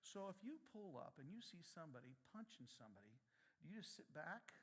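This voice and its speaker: A man's voice: fairly high pitch, big pitch swings, brisk, slightly rough. A middle-aged man preaching a sermon as pastor, telling stories and acting out the voices of people in them. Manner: storytelling, acting out voices in his anecdotes.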